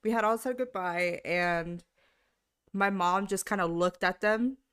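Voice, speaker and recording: A woman's voice: medium pitch, measured pace, a bit bright, clear, resonant tone. A young woman, a podcast co-host, telling a story in casual chat with friends, laughing often. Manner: laughing storyteller, quotes her mom.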